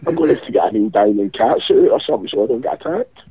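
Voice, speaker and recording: A man's voice: medium pitch, expressive, very fast, a little hiss or hum. A man with a Glasgow accent calling in while ill with a cold, rambling and swearing his way through casual banter. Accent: Scottish, Glasgow. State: ill with a cold, rough-voiced. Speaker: caller. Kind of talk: casual chat. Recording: tinny phone line.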